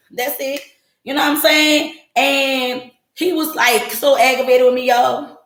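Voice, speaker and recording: Woman in her forties, blunt and profane, slightly high voice, echoey room. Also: measured pace. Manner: blunt, profane and animated, jumping into quoted voices. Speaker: podcast host. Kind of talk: casual monologue to a live audience.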